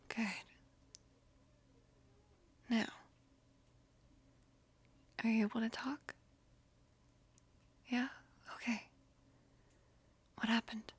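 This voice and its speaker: A woman of about twenty in a whispered role-play, gently soothing and reassuring as a caring best friend, close to the microphone. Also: a little high, flat delivery, extremely slow, long pauses, breathy edge.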